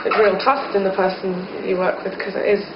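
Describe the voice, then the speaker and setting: A woman's voice: mid-range voice, flat delivery, brisk, loud music behind the voice. A woman in a band, musing hesitantly in a casual interview and often saying "kind of". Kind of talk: casual chat. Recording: muffled, noisy, echoey old recording.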